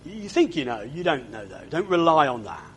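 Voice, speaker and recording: A man's voice: on the high side, big pitch swings, normal speed, fairly bright tone, a little hiss or hum. A man preaching a sermon, often asking his listeners to agree and repeating his words.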